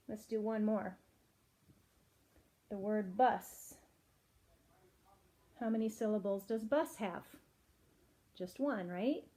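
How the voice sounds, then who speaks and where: A woman's voice: fairly high pitch, warm tone. A woman teacher giving a patient phonics lesson to young children, asking them questions as she goes. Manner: slow, patient, clearly spelled-out teaching with questions to kids.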